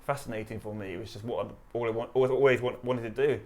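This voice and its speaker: A man's voice: mid-range voice, quick pace. London-accented army veteran in his thirties, easygoing guest with a mid-range voice. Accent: London English. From East London, England. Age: 30s. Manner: relaxed, chatty, laughs while retelling. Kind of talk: casual interview storytelling.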